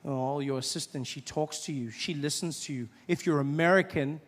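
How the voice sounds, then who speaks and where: A young man from South Africa with a South African accent, telling stories in a stand-up comedy set and bursting into loud acted shouts. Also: a little high, brisk, big-room sound. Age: 20s.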